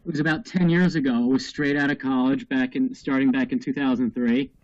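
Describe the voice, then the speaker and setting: Man in his thirties, measured and reflective, casual panel chat, muffled lo-fi audio, dry close sound. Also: medium pitch, fairly even intonation, darkish tone, no echo. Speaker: podcast co-host.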